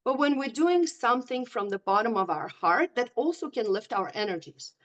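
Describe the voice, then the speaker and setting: A woman's voice: on the high side, lively intonation, normal speed, fairly bright tone, muffled recording. A middle-aged woman, a guest coach, telling stories in a conversational podcast interview in an upbeat, encouraging way.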